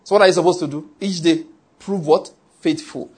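A man's voice: on the high side, steady tone, brisk, breathy edge. A man with a Nigerian accent preaching a sermon, chatty and humorous, dropping into Pidgin asides. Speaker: pastor.

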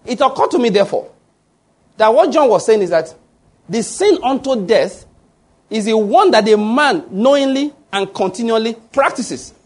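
Pastor guy, highish husky voice, preaching hard, keeps asking the crowd to finish his lines. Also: lively intonation, moderate pace. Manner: emphatic, asks the congregation to fill in words; repeats and restarts words. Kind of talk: sermon.

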